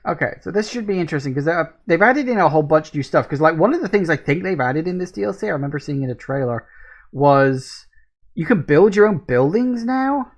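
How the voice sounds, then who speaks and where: A woman hosting a gaming video, giving casual let's-play commentary, easily excited, quick to laugh and swear, and reading game prompts aloud. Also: low-pitched.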